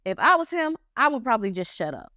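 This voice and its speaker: A woman's voice: a little high, very animated, fast, sharp tone, dry recording, studio quality. A woman casually retelling a story in slangy commentary, acting out the quotes as she goes. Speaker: commentary host.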